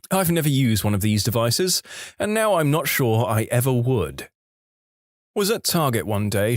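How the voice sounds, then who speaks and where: Lively male story narrator. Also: medium pitch, dry recording, clean studio sound. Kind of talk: scripted narration of online stories.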